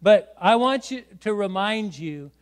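A man's voice: sits high, expressive, measured pace. A middle-aged man, a pastor preaching a sermon in church, exhorting and often adding "right?". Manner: exhorting, repeats words and adds "right?". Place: church sanctuary.

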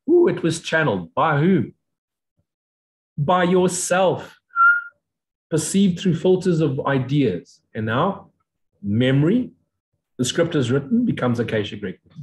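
Blunt, profane man lecturing. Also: rough recording. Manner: mocks views in sudden high voices. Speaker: spiritual teacher. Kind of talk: unscripted lecture.

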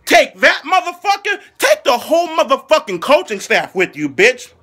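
Furious high-voiced man in a shouting rant. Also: big pitch swings, moderate pace. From Philadelphia. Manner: furious, mocking, heavy swearing, shouting bursts. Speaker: angry football fan ranting. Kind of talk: profane comedic sports rant.

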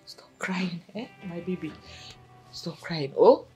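An actress with a Nigerian accent playing a kind, motherly village woman who comforts and coaxes with soft questions. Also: fairly low pitch, animated, slow pace, soft background music. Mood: soothing. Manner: soothing, coaxing, gently questioning.

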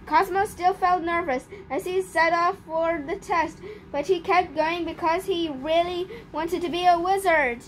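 A woman reading a children's picture book aloud in an expressive, careful storytelling manner. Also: very high-pitched, a little slow, slight background noise. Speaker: storybook reader.

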